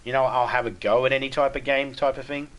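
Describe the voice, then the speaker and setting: A man's voice: mid-range voice, fairly even intonation, fast, a bit bright. A middle-aged Australian man chatting bluntly with viewers on a live game stream, swearing freely and stumbling over restarts. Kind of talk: casual live-stream chat.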